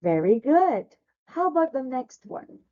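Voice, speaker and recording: A woman teaching an online English lesson to a young child, talking slowly and clearly with lots of encouraging praise, over a video call mic. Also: high-pitched, big pitch swings, phone-quality sound.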